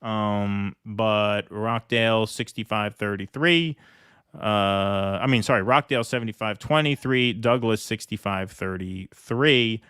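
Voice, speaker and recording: A man's voice: on the low side, measured pace, a bit bright, clean tone, dry recording, studio quality. Chatty man hosting live commentary. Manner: chatty, joking, reads viewer comments aloud. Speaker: political stream host.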